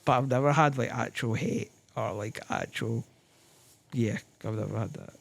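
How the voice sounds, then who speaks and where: A Scottish man, a guest on a podcast, speaking thoughtfully in casual chat with lots of pauses and fillers. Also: medium pitch, vocal fry. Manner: thoughtful, hesitant, many fillers. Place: podcast studio.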